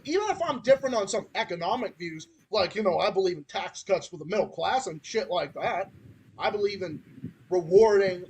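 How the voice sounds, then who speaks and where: A man's voice: high voice, a little hiss or hum. A man from Massachusetts with a Massachusetts accent, hosting a podcast in a heated, profane ranting style. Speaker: podcast host.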